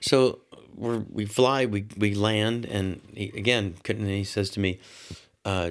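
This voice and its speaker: A man's voice: on the low side, fairly even intonation, slow. A middle-aged man, a comedian guest, telling a rambling anecdote in casual chat, interrupting himself and acting out quotes. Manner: rambling, self-interrupting storyteller who acts out quotes.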